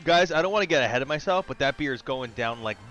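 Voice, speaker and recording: A man casually chatting while streaming a kart racing game, excitable, swearing and shouting at the screen. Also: mid-range voice, quick pace, highs cut off, faint music behind. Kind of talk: casual live gaming chat.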